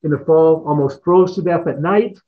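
A man's voice: a little high, moderate pace. Rambling man on a tinny line. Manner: rambling, repeats words, chuckles. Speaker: guest, retired fighter pilot. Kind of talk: casual storytelling in an interview.

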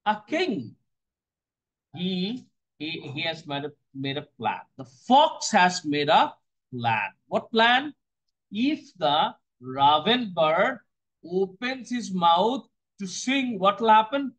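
A man's voice: sits high, sing-song, slow, fairly bright tone, poor audio. A man explaining a poem line by line as a teacher. He repeats key phrases and poses questions, then answers them himself. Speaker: English teacher.

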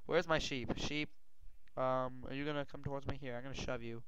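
A male gaming host giving rambling gameplay commentary, often yelling and swearing in panic. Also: medium pitch, a little fast, clean tone, dry recording. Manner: rambling, excitable, yells and swears when panicked. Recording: dull lo-fi mic.

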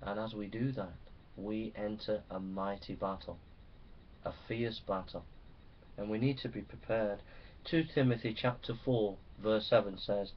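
A man preaching a sermon that builds into loud, impassioned shouting. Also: fairly low pitch, steady tone, measured pace, muffled recording, a little hiss or hum.

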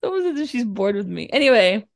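A woman's voice: fairly high pitch, sing-song, fast, gravelly. A young adult woman co-hosting a podcast, giving a chatty, giggly movie recap and briefly acting out the characters' lines. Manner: chatty, giggly, dips into quoted voices. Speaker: podcast co-host. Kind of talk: casual movie recap chat.

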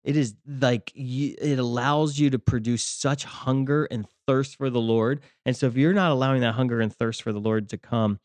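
A man's voice: mid-range voice, steady tone, moderate pace, few pauses, a little mellow, dry recording. A man co-hosting a faith podcast, talking reflectively with many fillers and restarts. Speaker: podcast co-host, ministry leader. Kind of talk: casual faith discussion.

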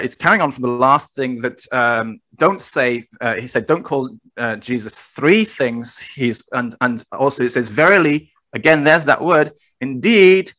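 A man presenting and explaining slides in a recorded discussion, talking in a measured, self-correcting way. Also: medium pitch, pushed and bright. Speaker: guest presenter.

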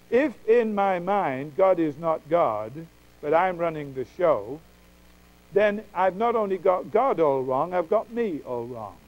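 Male preacher, sermon delivery, emphatic and dramatic, pitched high. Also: highs cut off. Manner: emphatic, dramatic pauses, quotes God's voice.

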